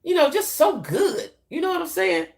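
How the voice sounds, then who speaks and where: This YouTube host, a middle-aged woman with a deep voice, chats loosely with her live-stream audience at normal speed, her pitch swinging widely. She repeats herself, keeps things casual and chatty, and says "y'all" to the viewers.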